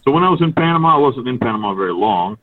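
A man's voice: medium pitch, lively intonation, racing, no echo. A man from North Carolina telling long, profane stories in an interview, rambling and quoting others as he goes. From North Carolina, USA. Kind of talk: storytelling interview. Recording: tinny distant phone line.

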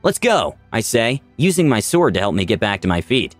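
A man's voice: on the low side, big pitch swings, brisk, dry recording, soft background music. A man narrating a tabletop adventure in the first person, with a wry, dramatic telling. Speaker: storyteller of a tabletop campaign.

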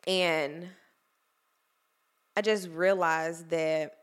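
A woman's voice: on the low side, fairly even intonation, very slow, clean tone. A young woman chatting candidly to camera, emotional and full of fillers. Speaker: vlogger. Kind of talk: casual chat to camera.

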